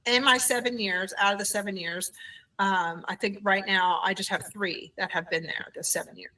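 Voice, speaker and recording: A woman who owns a childcare center, telling her story in an animated conversational way in an interview. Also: medium pitch, moderate pace, distant mic, rough recording. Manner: animated, acts out quoted voices.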